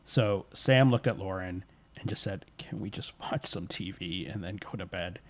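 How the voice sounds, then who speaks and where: Man telling a spooky story casually. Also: deep voice. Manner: relaxed, voices characters' lines in quick asides.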